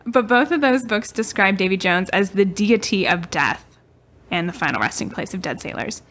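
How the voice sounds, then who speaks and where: A woman's voice: mid-range voice, animated, moderate pace, a bit bright. A young woman co-hosting a podcast, telling a story in a casual, chatty way, often giggling and trailing off mid-sentence. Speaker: podcast co-host.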